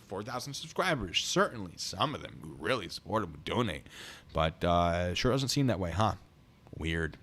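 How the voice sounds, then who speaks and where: A man's voice: low-pitched, a bit bright. A man hosting an online commentary channel, reading out comments in a mocking, sarcastic way.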